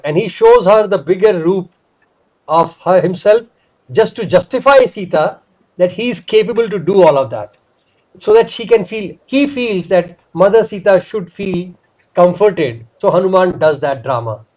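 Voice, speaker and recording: A man retelling a devotional scripture story with animated emphasis. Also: high-pitched, moderate pace. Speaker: spiritual storyteller. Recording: dull lo-fi recording.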